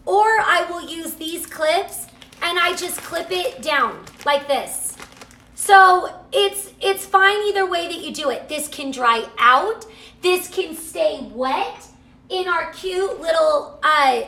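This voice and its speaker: A woman hosting a live cooking chat from her home kitchen, gushing excitedly and reading out viewer comments to her camera. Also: high-pitched, reverberant. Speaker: cooking show host selling products. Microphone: camera mic, moves off camera at times.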